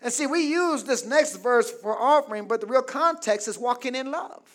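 A man pastor a sermon with call-and-response, swinging from loud exclaims to soft asides. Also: extremely high pitch, expressive, moderate pace.

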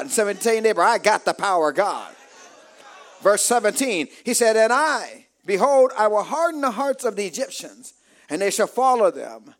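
A man with a high voice preaches a call-and-response sermon, shouting rising phrases and calling on the congregation for amens.

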